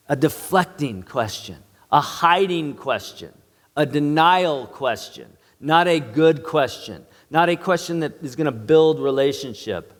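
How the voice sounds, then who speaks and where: A man's voice: fairly high pitch, expressive, a little slow. Earnest male pastor in a reverberant church. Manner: earnest, emphatic preaching. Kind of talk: sermon. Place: church sanctuary.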